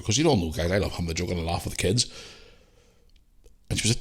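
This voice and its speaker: A man in his forties hosting a podcast, telling a story in a casual, animated way, with lots of swearing, and acting out the voices of the people in it. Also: sits low, fairly quick. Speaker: podcast host.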